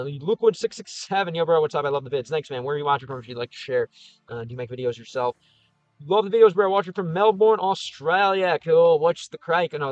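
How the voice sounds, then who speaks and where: A man's voice: on the high side, no room sound, highs cut off. A man casually chatting on a livestream as he answers viewer comments, thinking aloud with frequent restarts. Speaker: streamer answering live chat.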